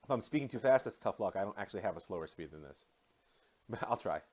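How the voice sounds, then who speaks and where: Fast-talking man teaching a live online class. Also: on the low side, slightly rough. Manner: animated, quick, self-deprecating asides. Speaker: rabbi and teacher.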